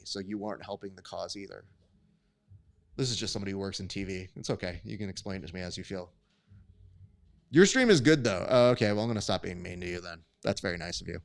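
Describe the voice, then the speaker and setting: A man's voice: on the low side, smooth. A man hosting a live stream, calling grappling results and reading chat in a casual, profane, bantering way.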